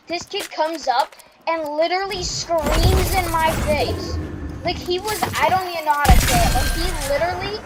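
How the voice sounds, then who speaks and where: A woman's voice: extremely high pitch, normal speed, very noisy. A teenage girl telling a rambling storytime while gaming, filling her talk with "like". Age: teens. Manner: rambling, heavy filler "like". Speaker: streamer. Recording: loud game music behind.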